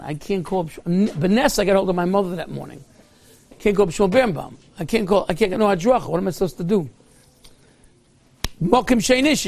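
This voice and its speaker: A man's voice: sits high, vocal fry, no echo. A man giving a sermon as a rabbi, telling stories in a fervent way and sprinkling in Yiddish and Hebrew words.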